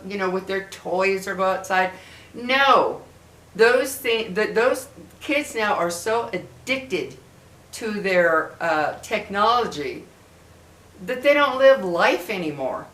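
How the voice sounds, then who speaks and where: A woman's voice: mid-range voice, fairly bright tone. A middle-aged woman vlogging casually to her viewers, talking in an impassioned, emphatic way and repeating herself for emphasis. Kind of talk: casual direct-to-camera talk. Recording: echoey room.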